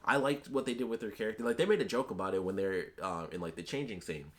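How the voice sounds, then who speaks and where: Male reviewer, casual and rambly, quick delivery full of fillers. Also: lowish voice. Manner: rambling, many fillers and restarts. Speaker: TV episode reviewer.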